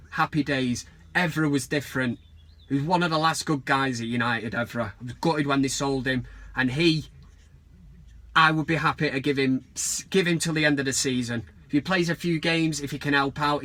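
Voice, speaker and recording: Manc bloke ranting about football in his bedroom, swears a lot, bright slightly high voice. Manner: rambling, sweary, self-mocking. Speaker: fan vlog host. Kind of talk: casual bedroom vlog rant.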